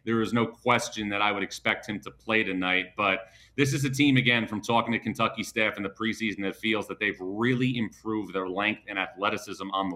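A man's voice: on the low side, pushed and bright, low-quality recording. A man guest giving confident, emphatic college basketball analysis on a sports show. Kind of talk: sports commentary.

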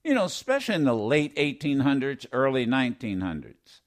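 A slightly hoarse middle-aged man hosts a call-in radio show, his pitch swinging widely as he rambles. He hammers points home by repeating phrases. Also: a little fast. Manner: animated, rambling, emphatic repeats. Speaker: radio talk show host.

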